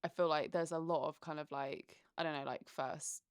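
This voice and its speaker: A woman's voice: low-pitched, fairly even intonation, normal speed, smooth, no echo, studio quality. A British woman co-hosting a podcast, chatting candidly and swearing freely. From England. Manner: candid and profane. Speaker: podcast co-host. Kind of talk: casual chat. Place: recorded apart from co-host, living in Los Angeles.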